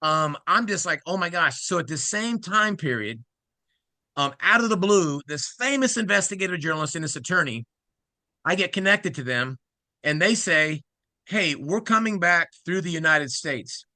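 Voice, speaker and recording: A middle-aged man from Ohio, excitedly telling his conversion story as an interview guest and acting out the quoted speech of others. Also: a little high, no echo. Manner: excited, acts out quoted speech, fast asides.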